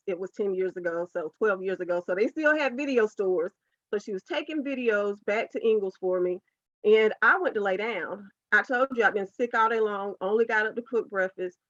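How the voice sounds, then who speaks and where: A woman's voice: medium pitch, no room sound. A woman, a podcast guest telling a personal story as a heartfelt, earnest faith testimony. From United States, South Carolina. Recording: dull, dry lo-fi podcast audio.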